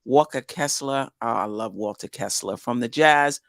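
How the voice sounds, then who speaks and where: Steady man reading off a list, dry sound. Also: medium pitch, moderate pace, vocal fry, no room sound. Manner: reads names off a list, plain and steady. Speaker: podcast co-host. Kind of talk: casual sports chat.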